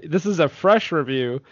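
A man's voice: a little high, animated, slow, dry recording, highs cut off. A man hosting a casual movie podcast, laughing often as he reads reviews aloud. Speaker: podcast host.

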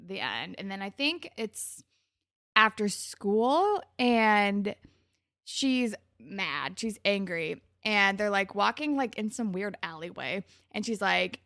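Brief: young woman, podcast co-host, animated casual recap, dry close sound. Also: no echo. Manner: animated, acts out characters' lines with big pitch jumps.

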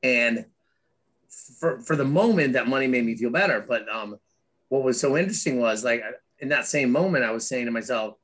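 A man's voice: mid-range voice, moderate pace. Middle-aged man telling his story. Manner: frequent restarts and fillers, animated storytelling. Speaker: guest, author and former Wall Street trader. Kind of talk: candid conversational interview.

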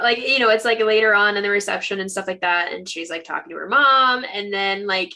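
A woman's voice: medium pitch, fairly quick, pushed and bright. A young woman co-hosting a casual book podcast, retelling scenes animatedly and acting out the lines she quotes. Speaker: podcast co-host. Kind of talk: casual chat.

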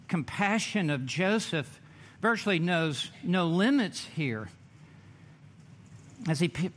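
A man preaching a sermon in a church, emphatic, with dramatic pauses and drawn-out words. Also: high-pitched, a bit bright. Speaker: pastor.

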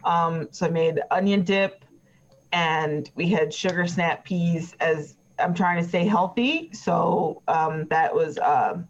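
In an improvised tabletop role-play, a woman player voices a chatty, petty trial witness who rambles with many fillers and turns defensive. She speaks slowly in a lowish, pushed-down voice, and the mood is rambling. The recording is dull and lo-fi.

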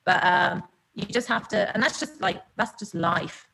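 An English-accented woman chats as a podcast guest, talkative and self-deprecating, slipping into playful put-on voices. Her husky, creaky voice is medium in pitch with a sharp tone, at a normal speed.

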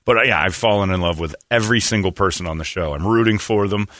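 A man's voice: deep voice, quick pace, no room sound, clean studio sound. A man hosting a comedic podcast chat, rambling and sarcastic. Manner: rambling, sarcastic, animated, slips into mock voices.

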